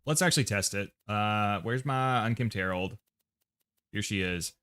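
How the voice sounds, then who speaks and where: A man's voice: lowish voice, unhurried, a bit bright, smooth. A man with an American accent casually talking to himself and reading chat while setting up a game loadout on a livestream. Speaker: streamer.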